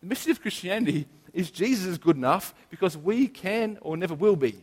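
A man delivers a sermon with earnest emphasis, drawing out key phrases slowly. His voice sits a little high for a man. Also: lively intonation, slightly rough, big-room sound. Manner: earnest, emphatic preaching with slow stressed phrases. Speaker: preacher.

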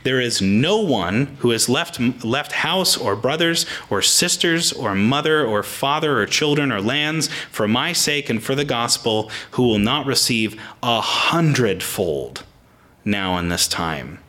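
Bright-voiced man preaching casually. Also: medium pitch, lively intonation, a little slow. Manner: casual, plain-spoken, with frequent restarts. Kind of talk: conversational sermon.

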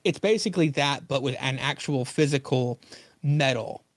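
A man's voice: mid-range voice, moderate pace, dry recording. A man hosting a podcast, chatting casually as he recaps a comic and briefly acts out the characters' lines. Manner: retells comic scenes, acting out lines in passing. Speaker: podcast host. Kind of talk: casual chat.

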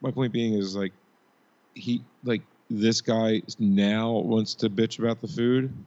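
A man co-hosts a casual podcast, rambling about an old TV episode and laughing often between swear words. His voice sits on the low side. The recording is a bit dull and muffled. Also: steady tone, takes it slowly, darkish tone. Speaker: podcast co-host and editor. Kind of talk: casual chat reviewing a TV episode.

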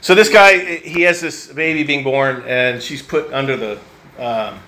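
A man's voice: medium pitch, a little slow, bright, forceful tone, a little hiss or hum. A man preaching a sermon in a church, in a conversational, reflective way that thinks aloud with fillers and restarts. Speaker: pastor.

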